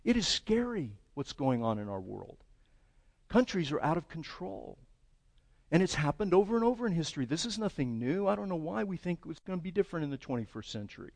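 A pastor preaching a sermon, lively and conversational, often asking the congregation questions and voicing prayers aloud. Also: male voice, on the high side, fairly quick, creaky. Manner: animated, asks the congregation questions and acts out prayers.

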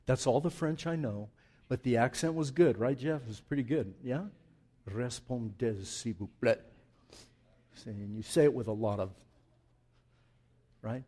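A man preaching a sermon, moving from quiet, intimate remarks to loud, emphatic passages with conversational asides to the congregation. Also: mid-range voice, normal speed, pauses often. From Southwest United States. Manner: dynamic, swings from hushed to loud and emphatic. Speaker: pastor.

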